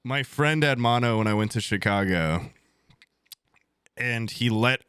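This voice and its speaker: A young male streamer in his twenties rambles through a story with crude jokes and blunt swearing. His voice is bright and forward. It is recorded dry and close, with no room sound around it. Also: mid-range voice, a little slow, clear, resonant tone, no echo. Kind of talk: casual storytelling to chat.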